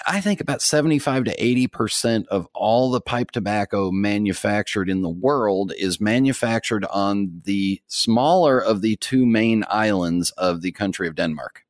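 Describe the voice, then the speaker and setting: Low-voiced man in casual podcast chat. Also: dry recording, clean studio sound. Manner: rambling, with many restarts and fillers. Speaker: pipe tobacco expert, podcast co-host.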